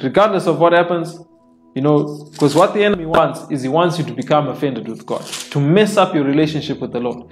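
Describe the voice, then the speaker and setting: Preacher, male, slightly high voice, plain explanatory sermon delivery, quiet worship music bed. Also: fairly quick. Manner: reads scripture aloud and explains it plainly; repeats phrases for emphasis. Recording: soft worship music underneath.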